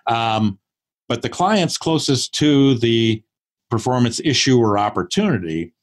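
A man in his sixties speaks in a mid-range voice as a podcast guest. He is thoughtful and unhurried, and he slips into acted-out dialogue when telling stories. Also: mid-range voice, expressive. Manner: thoughtful, acts out quoted dialogue. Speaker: podcast guest, performance consultant. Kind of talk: casual interview talk.

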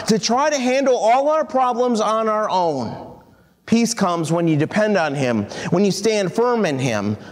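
A man preaching a sermon in an earnest way, slowing down to stress key phrases. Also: sits high, in a large hall. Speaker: pastor.

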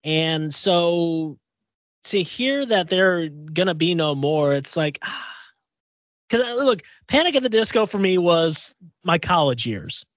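A man's voice: a little high, lively intonation, unhurried, fairly bright tone, dry recording. A middle-aged man co-hosting a casual radio show chat, rambling and restarting as he acts out little quotes. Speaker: co-host.

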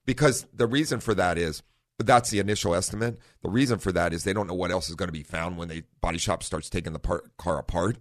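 A middle-aged man hosting a car talk radio show in a studio, relaxed and rambling, often correcting himself. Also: low voice, quick pace, no room sound. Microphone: studio microphone.

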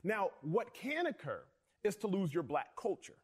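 A man hosting an interview, earnest and emphatic, speaking in a measured conversational way. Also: high-pitched, sing-song, darkish tone, slightly rough. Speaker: host.

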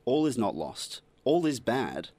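A man's voice: medium pitch, sing-song, a little slow, a little mellow, no room sound. A young man hosting a radio show in playful, teasing banter, drawing out suspense. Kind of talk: casual studio banter.

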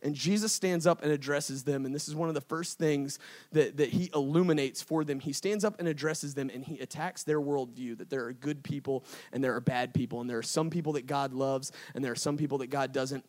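A man's voice: medium pitch, fairly even intonation, brisk, a little mellow. A man preaching a sermon to a live crowd at an event, telling a story with playful voices for the characters and a casual, slangy way of talking. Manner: casual slangy delivery, addresses the crowd as y'all. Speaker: pastor. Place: event stage before a live audience.

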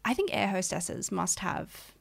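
A young woman co-hosting a podcast, rambling through a funny story in easy, casual chat. Her voice has a gravelly, fried edge. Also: medium pitch, measured pace. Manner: chatty, storytelling, joking. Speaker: podcast co-host.

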